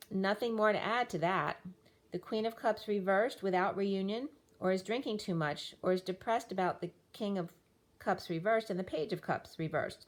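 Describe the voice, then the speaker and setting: A woman giving a tarot reading, listing card meanings in loose fragments while losing her voice. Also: on the low side. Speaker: tarot reader.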